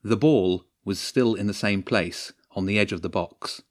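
Man, low voice, audiobook narrator, steady measured reading.

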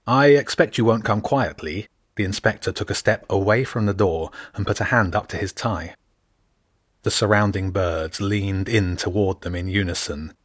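A man's voice: fairly low pitch, a bit bright, husky, no room sound, studio quality. A man narrating a children's fantasy story aloud, reading each character's lines in small shifts of voice. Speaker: audiobook narrator. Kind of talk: scripted narration.

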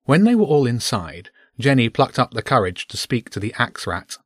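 A man reads a children's story aloud in a steady, even voice. His pitch sits in the middle range. The recording is dry and close, with no room sound. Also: normal speed, no room sound.

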